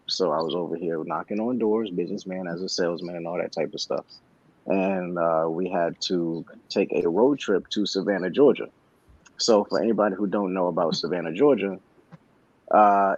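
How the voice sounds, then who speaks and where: A man's voice: fairly low pitch, darkish tone, dry recording. A man on a podcast telling a work story in a laid-back way, swearing freely and making dry asides, in a dull lo-fi recording. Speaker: podcast co-host. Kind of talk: casual storytelling.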